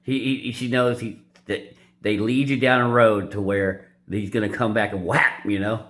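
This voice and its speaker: A man commenting casually over a court clip, in halting asides with frequent restarts. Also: on the low side, steady tone, fairly bright tone. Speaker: channel host commenting on a clip.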